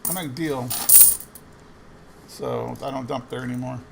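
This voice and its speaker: Gravelly man telling a rambling story. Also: mid-range voice, steady tone, measured pace, background noise. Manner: rambling anecdotes, quoting others in conversation. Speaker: coin roll hunting vlogger. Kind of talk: casual storytelling while searching coin rolls.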